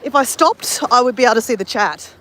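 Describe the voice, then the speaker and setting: An Australian woman live-streams as she strolls along a beach at sunrise, chatting and greeting her viewers while she walks. Her voice is fairly high, a little bright, and she talks fast. Faint outdoor noise sits in the background.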